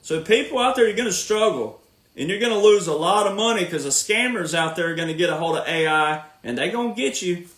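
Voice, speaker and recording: A man's voice: high voice, expressive, a little fast, a bit bright, roomy sound. A man hosting a podcast, ranting casually in an emphatic, sarcastic, lecturing way. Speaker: podcast host.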